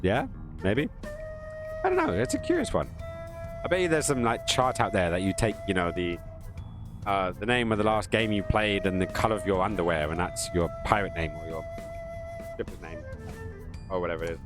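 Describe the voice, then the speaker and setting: A man's voice: deep voice, very animated, a little fast, long pauses. A man giving chatty, joking gameplay commentary with crude asides as a streamer. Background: game music.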